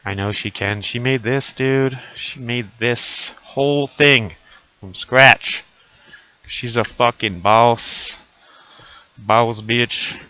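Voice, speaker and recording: A profane, wisecracking man streams live in costume, riffing with his audience between jokes. His voice is bright and crisp, recorded close and dry with no room sound. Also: medium pitch, slow pace, dry recording. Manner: crude, profane, joking banter. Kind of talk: casual live-stream chat. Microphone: desk mic, voice muffled little by a costume mask.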